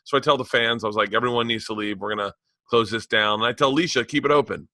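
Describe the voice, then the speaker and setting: Man, middle-aged, comedian, bright forceful tone, dry close sound, profane animated storytelling. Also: medium pitch, fast talker, no echo. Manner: animated, profane storyteller who acts out quotes. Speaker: comedian and podcast co-host. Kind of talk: casual chat.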